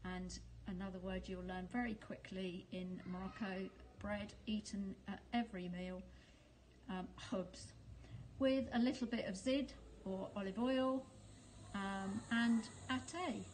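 A woman's voice: mid-range voice, steady tone, unhurried, darkish tone, a little hiss or hum, poor audio. A woman from the UK talking casually in a vlog, chatty and hesitant with frequent ums. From United Kingdom. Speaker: vlogger.

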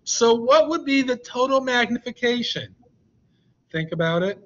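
Brief: upbeat male science teacher, high bright voice, teases students on a video call, lo-fi sound. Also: animated, moderate pace. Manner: joking, teasing, coaxing students. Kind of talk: online class with a slide deck.

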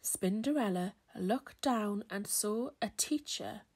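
Slow, expressive woman reading a picture book. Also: mid-range voice, slightly rough. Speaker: children's storyteller.

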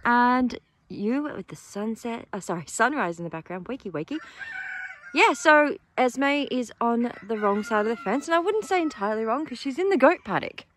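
A woman's voice: on the high side, lively intonation, moderate pace, slight background noise. A woman keeping a farm sanctuary, chatting in a casual morning vlog outdoors and cooing at the animals in baby talk.

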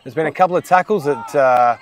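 A man's voice: on the high side, brisk, slight background noise. A man giving live, chatty play-by-play commentary on a football match outdoors. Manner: chatty, excitable play-by-play with banter.

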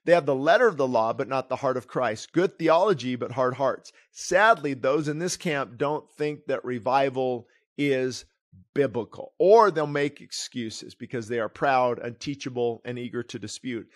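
A man's voice: mid-range voice, normal speed. A middle-aged pastor preaching his own book aloud, earnest and digressive, often breaking off and restarting his sentences. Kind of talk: sermon reading of his book with commentary.

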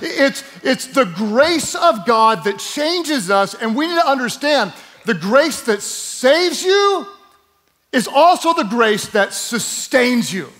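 In a very high, fairly bright voice with a sing-song lilt, a male pastor preaches slowly. He presses his points emphatically, asks the congregation to speak words back, and throws in playful asides.

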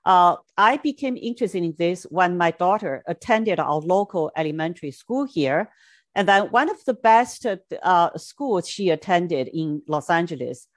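A middle-aged woman from China giving an academic lecture in short, measured phrases, with occasional Mandarin asides. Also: on the low side, lively intonation, no echo. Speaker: education scholar giving a lecture. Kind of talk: academic talk with slides.

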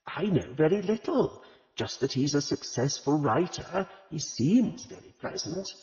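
A man voicing a gentle, wry vicar's wife who speaks ruefully and calmly. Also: on the high side, a little slow, pitched above the performer's own voice. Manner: rueful and calm. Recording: dull lo-fi audio with long reverb.

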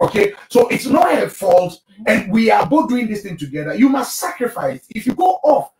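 A man's voice: sits high, wildly swooping pitch, normal speed, a little mellow. A male pastor hosting a live marriage broadcast, speaking emphatically and preaching straight to his listeners. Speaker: pastor and marriage show host. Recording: roomy, distant mic.

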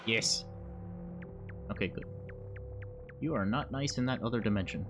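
Playing a horror game on a live stream over game music, this man keeps up chatty, jokey commentary to himself and is prone to startled yelps. He speaks at normal speed in a lowish voice.

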